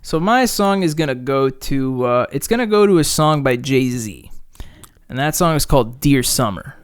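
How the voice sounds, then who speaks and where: A man co-hosting a gaming podcast, chatting casually in a joking, rambling way with loud bursts. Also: medium pitch, expressive, normal speed, smooth, no echo, clean studio sound. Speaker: podcast co-host. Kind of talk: casual chat.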